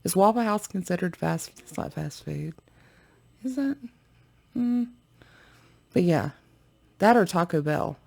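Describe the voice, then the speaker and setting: A woman's voice: on the low side, animated, a little slow, vocal fry, pauses often, darkish tone. A woman hosting a reaction video, chatting casually and rambling to her viewers with frequent giggles.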